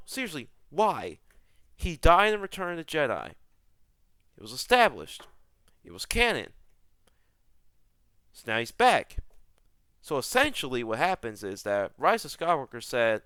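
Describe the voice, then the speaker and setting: A man's voice: medium pitch, wildly swooping pitch, unhurried, long pauses, fairly bright tone, smooth, dry recording, clean studio sound. A young man delivering an exasperated rant to camera, full of rhetorical questions and repeated words. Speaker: YouTuber. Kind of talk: ranting commentary.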